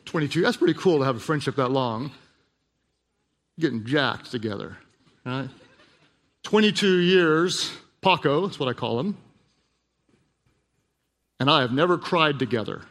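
A man preaches to a congregation, his voice gravelly and textured. He moves from quiet, personal storytelling to emphatic, repeated lines, at a middle pitch for a man. The sound carries a long reverb, as in a large church hall. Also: lively intonation, normal speed, long pauses. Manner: storytelling, dropping to a hushed voice then building to emphatic repeats. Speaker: pastor. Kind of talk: sermon.

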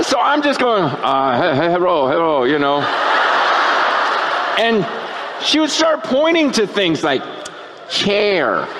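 Guy preaching, high voice, animated storytelling, bit of faint noise behind. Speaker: pastor. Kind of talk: sermon with personal testimony.

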